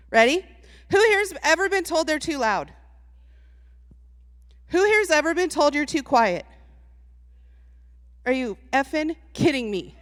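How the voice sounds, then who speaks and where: A woman giving a lively, comedic motivational talk to a live audience, chatty and teasing, laughing often. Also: high voice. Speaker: speaker at a live event. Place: large hall with an audience. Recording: long reverb from a large hall.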